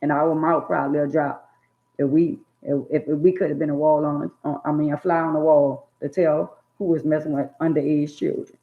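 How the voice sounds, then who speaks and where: A woman in casual chat about her childhood, talking in an animated way and acting out scolding parents in loud bursts. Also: sits low, moderate pace. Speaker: storyteller recalling childhood. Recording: tinny phone-like sound.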